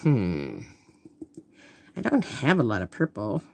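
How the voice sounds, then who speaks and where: Woman artist, casual live-stream chat, thinks aloud and murmurs, lively swooping delivery. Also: rumbling low, takes it slowly, vocal fry, slight background noise. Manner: thinks aloud while painting, trailing off into murmurs.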